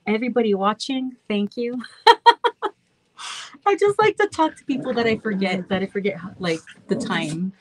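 A woman's voice: medium pitch, lively intonation, fairly quick, few pauses, rough recording. A woman in her thirties with a slightly childlike voice, chatting freely with fans at a virtual meet and greet, rambling and apologizing for talking so much. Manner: chatty, warm-hearted, rambling with self-interruptions. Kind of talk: casual chat with fans. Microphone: phone.

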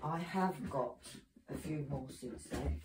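A woman's voice: sits low, slow, heavy background noise. A woman hosting a crafting channel, chatting in a rambling way and reading out codes as she works. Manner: rambling, chatty, reads out codes while working. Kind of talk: casual crafting chat. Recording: loud crinkling of packets behind.

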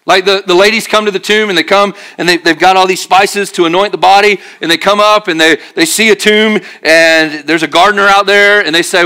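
Male pastor, sermon delivery, bright and slightly high voice, animated storyteller. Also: fast talker, few pauses. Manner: drops to a quiet, earnest tone for serious points. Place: church.

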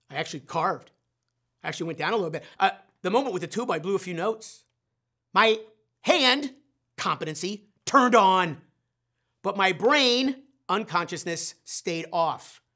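A man hosting a sales training talk, animated and self-deprecating, acting out his own inner voice. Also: high voice. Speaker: sales trainer and show host.

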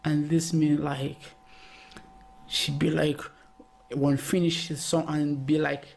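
A man from Algeria with an Algerian accent, a native Arabic speaker, giving excitable reaction commentary in broken English full of "like". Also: a little high, slow, vocal fry. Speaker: reaction video host. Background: song playing.

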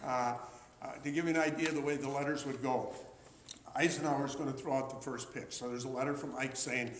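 A man's voice: mid-range voice, fairly even intonation, brisk, echoey room, slight background noise, rough recording. A man in his sixties telling rambling, chatty anecdotes to an audience, with restarts and uh's along the way. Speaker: memorabilia collector giving a talk. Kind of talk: anecdotal storytelling talk to an audience.

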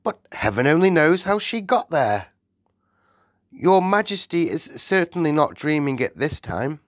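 A man's voice: fairly high pitch, sing-song, unhurried, no echo, clean studio sound, pitched above the performer's own voice. Man doing a flustered, deferential maid. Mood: anxious. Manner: anxious, deferential. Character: flustered royal maid, middle-aged woman.

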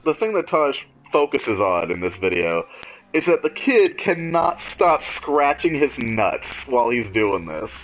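A man co-hosts a casual podcast conversation, retelling a comedy clip with a wide, lively pitch. He laughs often and swears freely as he talks. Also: a little slow, rough recording. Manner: animated storyteller, laughs a lot, swears. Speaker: podcast co-host. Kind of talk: casual chat.

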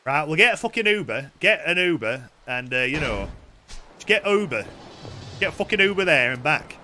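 A man's voice: a little high, big pitch swings, normal speed, bright, forceful tone, a little hiss or hum. A young man streaming a video game, swearing a lot, joking and reading the dialogue aloud. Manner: sweary, playful, reads game text aloud. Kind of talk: let's play commentary.

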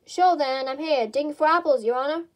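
A woman's voice: high-pitched, fairly quick, natural voice. A woman voicing Pat, a timid, deferential male servant who answers his master respectfully. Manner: respectful, hesitant.

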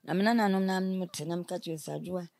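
Gravelly-voiced woman in her nineties. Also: mid-range voice, fast talker. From Ghana. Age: 90s. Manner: animated, advising, acts out quoted speech. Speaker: interviewee. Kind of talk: storytelling interview.

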